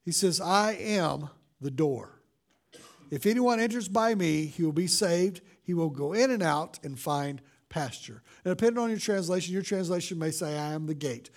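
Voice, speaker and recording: Guy pastor with a pretty high voice, talks to the church like a chat, slows way down on the big quotes. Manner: conversational preaching with frequent fillers and dramatic quoted lines. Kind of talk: sermon.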